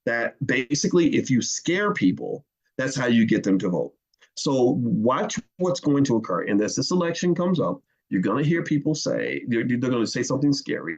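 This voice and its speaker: A man giving impassioned commentary, emphatic and animated, often repeating words. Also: mid-range voice, lo-fi sound.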